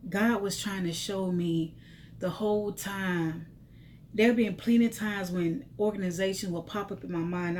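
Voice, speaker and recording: A woman's voice: mid-range voice, darkish tone, slight background noise. A middle-aged woman telling her life story to viewers in an emotional, testifying, repetitive way.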